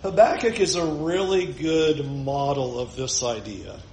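A man with a high voice preaches a sermon, talking to his listeners conversationally and slipping in joking asides. The room around him echoes noticeably. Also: unhurried, a little mellow, slight background noise. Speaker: pastor.

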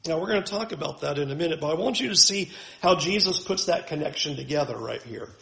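Male pastor, higher register, emphatic preaching, roomy echo on the recording. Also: a bit bright. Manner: emphatic, building lists with rising force. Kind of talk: sermon.

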